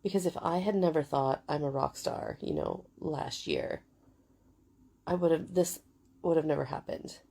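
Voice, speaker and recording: A woman's voice: deep voice, fairly quick, dark tone. A woman in her forties telling a story in a chatty, casual way, full of fillers and swearing. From United Kingdom. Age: 40s. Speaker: vlogger.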